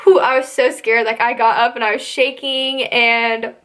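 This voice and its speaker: A young woman talks to camera in a high, bright voice. She rambles through her story, filling it with "like" and little asides. Her delivery is casual and conversational. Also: level tone, moderate pace. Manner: chatty, rambling, heavy use of "like". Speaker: vlogger recounting basic training.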